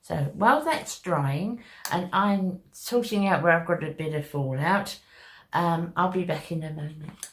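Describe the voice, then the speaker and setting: A woman's voice: fairly low pitch, measured pace. A woman talking viewers through a makeup tutorial in a chatty, step-by-step way. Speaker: makeup vlogger.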